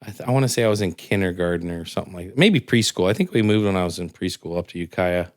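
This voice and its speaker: A young man from California, a podcast guest, telling a long joke and personal stories in casual chat, his voice leaping up when he quotes characters. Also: quick pace. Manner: animated, jumps high for quoted characters.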